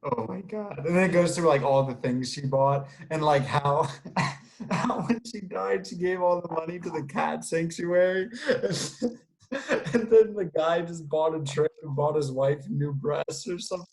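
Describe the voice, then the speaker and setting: A man's voice: fairly high pitch, unhurried, darkish tone, rough recording. A man co-hosting a casual film podcast, laid-back and teasing. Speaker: podcast co-host. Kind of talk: casual chat.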